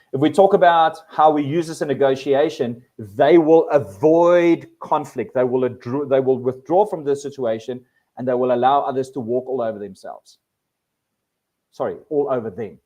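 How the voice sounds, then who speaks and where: Male presenter, animated workshop delivery, restarts and repeats words. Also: mid-range voice, moderate pace. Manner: animated, acts out quoted people with voice changes. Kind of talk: live workshop talk.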